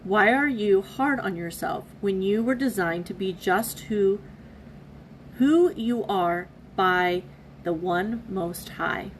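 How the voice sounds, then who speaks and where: A woman's voice: mid-range voice, a little hiss or hum, low-quality recording. Earnest woman sharing a devotional. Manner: earnest, candid, halting, emotionally open. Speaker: devotional vlogger. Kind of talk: casual devotional reflection.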